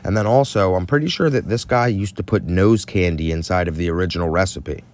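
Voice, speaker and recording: Low-voiced male monologue, conspiratorial and incredulous. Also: a little fast. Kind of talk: scripted monologue.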